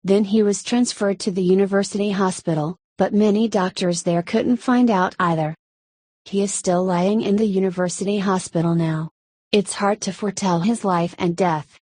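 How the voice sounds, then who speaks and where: A woman voicing an anxious female temple disciple who pleads for help in a rushed, non-stop way. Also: medium pitch, steady tone, darkish tone, dry recording, close to an everyday voice.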